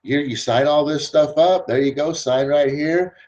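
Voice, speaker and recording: A man mimicking a pushy, hyped-up male recruiter with rapid, breezy, dismissive sales patter. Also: fairly high pitch, darkish tone, voice pushed up, close to an everyday voice, rough recording.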